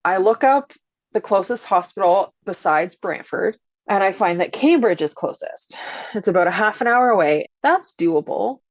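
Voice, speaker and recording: A woman's voice: medium pitch, normal speed, no room sound. A woman working as a doula earnestly recounts a tense experience, retelling what was said back and forth. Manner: earnest, animated retelling with quoted dialogue. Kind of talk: first-person storytelling. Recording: dull lo-fi audio with faint music.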